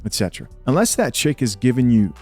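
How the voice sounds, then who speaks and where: A man's voice: mid-range voice, very animated, quick pace, darkish tone, faint music behind. A man hosting a reaction commentary show, talking in a blunt, slangy and incredulous way. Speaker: host.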